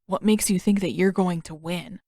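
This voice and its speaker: A stiff teenage prince who dodges questions with short, flat replies, as a woman narrator voices him. The storybook recording is close and dry. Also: on the low side, normal speed, no room sound, natural voice. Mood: guarded. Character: stiff, evasive teenage prince, curt and guarded.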